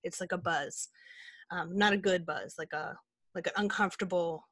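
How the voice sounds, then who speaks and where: A woman's voice: on the low side, fairly even intonation, moderate pace, a bit bright, dry recording. A woman co-hosting a podcast, talking in a candid, rambling way with many fillers. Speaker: podcast co-host. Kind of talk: casual chat.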